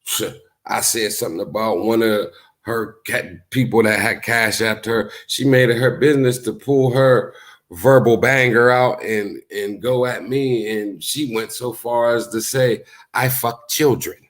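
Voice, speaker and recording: A man talking casually to his livestream viewers, telling stories in a loose, profane way and acting out what other people said. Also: a little slow. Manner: animated storytelling, acts out quotes in high voices; profane, laid-back. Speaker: YouTube streamer. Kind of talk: casual live-stream commentary.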